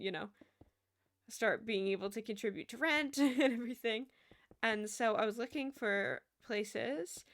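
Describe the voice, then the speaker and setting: A woman's voice: on the high side, fairly bright tone. A young woman chatting casually on a livestream while she plays a game, giggling and trailing off mid-sentence. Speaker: streamer.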